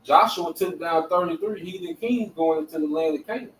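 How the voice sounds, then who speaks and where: A man with a fairly high voice talks through scripture in loose street slang, peppered with "you know what I'm saying". He is recorded in an echoey room, set back from the microphone, with faint ambience behind. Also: fairly quick, far from the mic, a little hiss or hum. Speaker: group member in scripture discussion. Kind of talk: casual group discussion of scripture.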